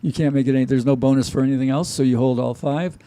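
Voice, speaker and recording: Gravelly, mellow-voiced man chatting. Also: medium pitch, fairly even intonation, fast talker, no room sound. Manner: laid-back, rambling with restarts and fillers. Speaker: show co-host. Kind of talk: casual chat.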